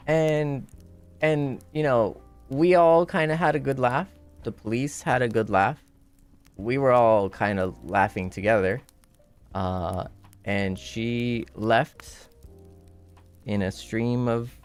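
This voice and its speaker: A man streamer telling a story in casual chat and acting out the quotes with animated delivery. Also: medium pitch, vocal fry.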